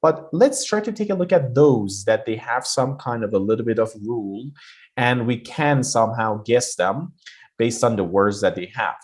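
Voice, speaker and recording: A man's voice: mid-range voice, normal speed. Man teaching pronunciation with exaggerated stress. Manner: exaggerates word stress on purpose, with many fillers. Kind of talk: explaining a lesson.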